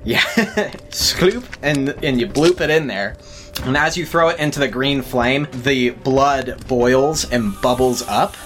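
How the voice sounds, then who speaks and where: A relaxed man narrates as game master, casual and even-paced. Faint music plays behind him. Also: mid-range voice, slow pace. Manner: casual, laid-back, with laughs.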